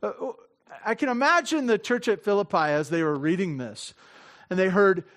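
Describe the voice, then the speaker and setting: With a high, slightly bright voice and lively intonation, a man preaches conversationally as pastor at normal speed. He breaks off his own sentences, laughs a lot, plays out small dialogues and asks the audience direct questions.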